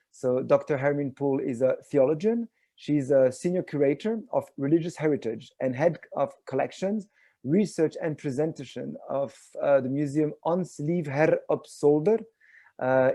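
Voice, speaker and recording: Male moderator for a video-call panel, halting delivery with constant fillers, warm tone, dry close sound. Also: medium pitch, vocal fry, no room sound. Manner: hesitant, many filler sounds.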